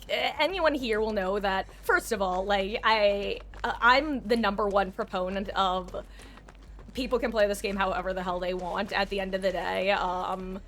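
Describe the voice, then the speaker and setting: A woman's voice: medium pitch, fairly bright tone, slight background noise. A woman livestreaming a game, chatting casually and rambling to her viewers on a desk microphone. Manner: chatty, rambling, talks straight to chat. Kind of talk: casual gaming stream chat.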